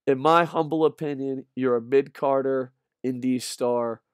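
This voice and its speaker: A man ranting in a rambling, profane fan vlog, tired and punch drunk, swinging from loud shouts to low mutters. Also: fairly even intonation, unhurried, clear, resonant tone, no echo, studio quality. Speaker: wrestling vlogger. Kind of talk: excited fan vlog rant.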